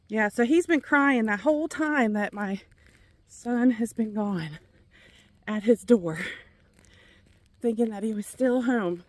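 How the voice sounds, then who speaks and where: A middle-aged vlogger with a Kentucky accent walks laps around a neighborhood outdoors, out of breath as she chats casually with viewers. Her voice is on the high side, slow, with long pauses.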